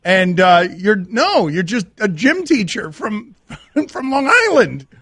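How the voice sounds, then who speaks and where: A man hosting a sports radio show, interviewing a guest in an excitable, hyped-up way. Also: high-pitched, slow pace, breathy edge, dry recording, clean studio sound. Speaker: radio host.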